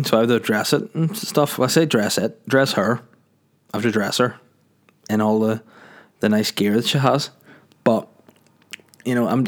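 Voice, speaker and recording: A man with a Northern Irish accent who hosts a podcast and talks in a rambling, jokey way, full of filler words. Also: mid-range voice. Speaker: podcast host. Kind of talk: casual podcast monologue.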